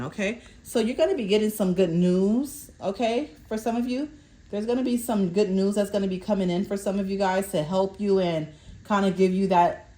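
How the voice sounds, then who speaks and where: Her voice sits at medium pitch and has a dark tone. This woman, a tarot reader, works through a collective card reading, tripping over some words as she reads each meaning. "Okay?" comes up again and again as she checks on her audience.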